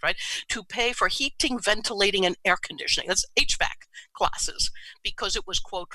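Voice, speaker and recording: A man's voice: sits high, bright, forceful tone, dry recording, poor audio. A man in his seventies from New York City, telling his life story in a reflective way and often checking in with "right?". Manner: reflective, often adds "right?" tag questions. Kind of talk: personal storytelling talk.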